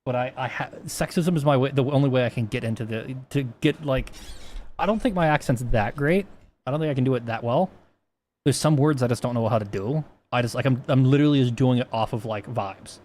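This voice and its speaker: A man with a medium-pitched, darkish voice speaks fairly quickly while livestreaming and coding. He rambles and swears in casual chat, often restarting his sentences.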